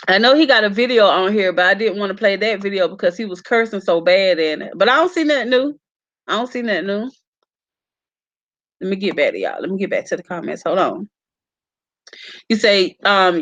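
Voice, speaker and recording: A woman from South Carolina with a slightly high, somewhat bright voice chats casually on a live stream, reading viewers' comments aloud and laughing along with them. She's a YouTube gossip vlogger, and the recording has its highs cut off.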